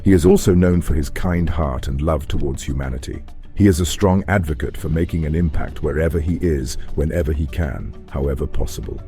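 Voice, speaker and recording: A man giving measured, formal documentary narration. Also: very deep voice, warm tone, soft background music.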